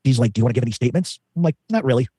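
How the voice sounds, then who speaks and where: A man's voice: medium pitch, animated, rapid-fire, dark tone, breathy edge, no room sound. A man telling a long rambling story as an interview guest, full of fillers and quoted dialogue.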